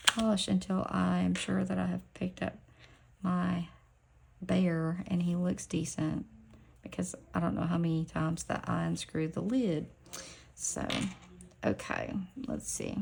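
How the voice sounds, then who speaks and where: A middle-aged woman chatting casually at home while doing nail art, rambling and dropping into soft whispers as she works. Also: on the low side, a little slow, creaky, long pauses, slight background noise. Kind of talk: casual chat while stamping nails.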